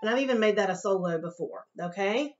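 A woman's voice: mid-range voice, animated, fairly quick, loud music behind the voice. A woman teaching violin to her students, talking them through tricky passages in a patient, encouraging way and often checking in with "okay?". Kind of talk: instrument lesson, talking students through a piece. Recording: dull home recording with violin playing.

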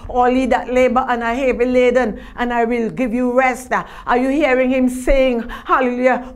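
A woman minister with a Trinidad and Tobago accent preaching a sermon, fervent and repetitive, with frequent hallelujahs. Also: high voice.

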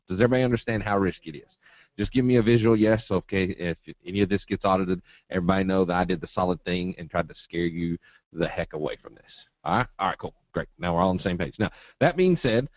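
A man from Eastern Kentucky presents a live trading webinar in a folksy, joking, straight-talking manner with a Southern drawl. His voice is deep and quick, with no echo.

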